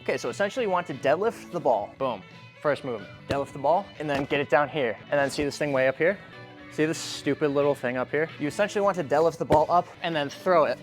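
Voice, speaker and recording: A young man hosting a mock fitness tutorial in a gym, talking in quick deadpan, mock-serious patter. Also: fairly high pitch. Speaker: fitness parody host. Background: background music.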